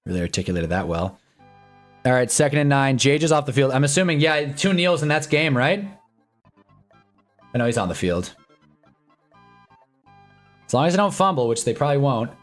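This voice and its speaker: A young man talks casually while watching football on a live stream, his voice swinging from quiet muttering to sudden excited outbursts. He sits close to a desk mic, and faint music plays softly behind him. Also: mid-range voice, normal speed, long pauses. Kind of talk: casual live sports watch-along chat.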